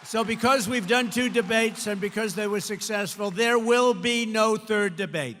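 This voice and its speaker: An older man giving an emphatic, repetitive campaign rally speech, sometimes shouting, recorded in a large indoor venue through a podium mic. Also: sits high, moderate pace, slight background noise. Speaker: political candidate. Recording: long hall reverb, faint crowd ambience.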